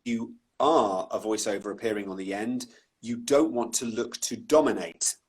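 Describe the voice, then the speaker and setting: A man's voice: lowish voice, normal speed, husky. A man who works as a voice-over artist, talking thoughtfully with a self-deprecating edge and frequent restarts during an online interview. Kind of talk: relaxed conversational interview. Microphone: online live video call.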